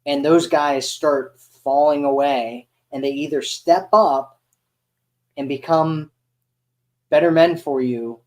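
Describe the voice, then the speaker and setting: A man's voice: on the high side, steady tone, slow, darkish tone. A man giving casual dating advice in a loose, conversational way with frequent fillers. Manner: loose, conversational, many fillers like "you know". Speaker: dating coach guest.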